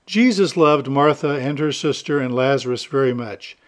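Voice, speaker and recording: A man, a priest, reading the gospel aloud and then preaching a homily in a relaxed, chatty way with light humor. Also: mid-range voice, moderate pace.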